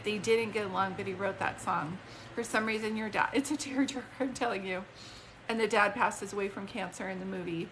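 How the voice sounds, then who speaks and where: A woman's voice: mid-range voice, a bit bright, a little hiss or hum. A woman working as a psychic medium on a live stream. She rambles with emotion, breaks off mid-sentence, and speaks both to an unseen spirit and to a viewer, into a phone.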